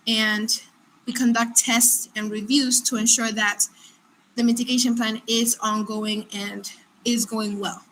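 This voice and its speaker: A woman on a video call explaining risk concepts as a compliance professional, measured and structured. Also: on the high side, fairly bright tone, slight background noise, poor audio. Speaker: GRC professional panelist.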